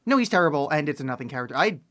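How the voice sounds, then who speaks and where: A podcast co-host chatting casually, blunt and opinionated with quick asides. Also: medium pitch, big pitch swings, fairly bright tone. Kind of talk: casual chat.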